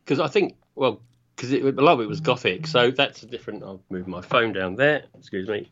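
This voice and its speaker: A man's voice: medium pitch, fairly quick, a bit bright, dull audio. A man with a southern English accent from around Reading, a podcast guest who rambles in an easygoing way with many fillers. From England. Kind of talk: casual podcast conversation.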